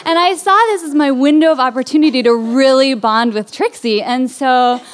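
A woman's voice: sits high, normal speed. Chatty storyteller woman from California. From Berkeley, California. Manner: chatty, full of "like" fillers. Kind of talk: personal storytelling.

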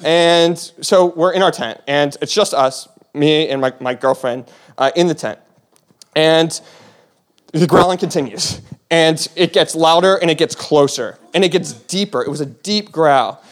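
A man's voice: on the high side, measured pace. A young man telling a personal story on stage, rambling with many fillers and restarts and laughing as he goes.

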